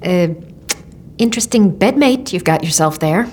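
A woman's voice: mid-range voice, expressive, moderate pace, darkish tone, slight background noise, natural voice. A woman voicing a stubborn, sarcastic young woman in an audiobook. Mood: wry. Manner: wry, sarcastic.

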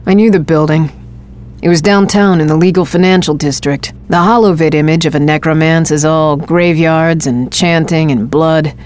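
Woman narrator, very low voice, first-person scripted narration, steady delivery.

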